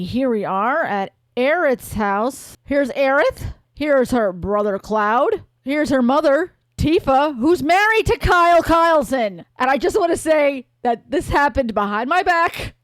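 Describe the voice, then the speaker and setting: A woman's voice: high-pitched, no room sound. A woman hosting a life-sim let's play, chatting casually with a wry, playful manner. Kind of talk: casual gameplay commentary.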